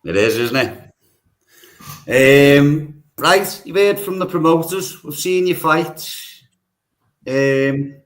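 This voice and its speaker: A man's voice: on the high side, lively intonation, poor audio. A man hosting a podcast, hesitating often as he sets up the face-off. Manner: hesitant, lots of ums, slow. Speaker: podcast host.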